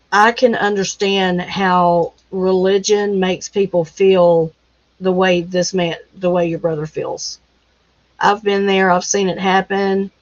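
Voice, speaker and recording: Lady minister doing a live chat, slow and soft, lots of ums, kinda dull lo-fi audio. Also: lowish voice. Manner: gentle, consoling, with many pauses and fillers. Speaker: minister and live-stream host. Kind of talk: casual live chat answering viewer comments. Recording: dull lo-fi sound.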